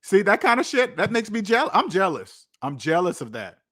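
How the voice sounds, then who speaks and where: A man's voice: high-pitched, very animated, normal speed, fairly bright tone. A man hosting a finance channel, ranting casually, incredulous and repeating lines for emphasis. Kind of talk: casual livestream rant.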